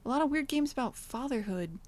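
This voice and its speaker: A woman's voice: sits high, lively intonation, a little fast, no room sound. A woman co-hosting a podcast in casual chat, rambling and joking with lots of fillers. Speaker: podcast co-host, game developer.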